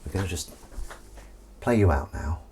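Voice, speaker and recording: A man's voice: sits low, expressive, normal speed, gravelly, dark tone, a little hiss or hum. A man hosting a live stream, chatting casually and jokingly with viewers in a rambling, self-deprecating way. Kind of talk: casual chat reading viewer comments.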